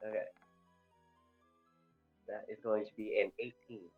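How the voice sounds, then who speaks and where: A man playing a tabletop game, describing his character's actions in a relaxed way. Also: fairly low pitch, a little slow, husky, faint music behind. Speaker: player. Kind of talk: tabletop role-play chat. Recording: tinny phone-like call audio.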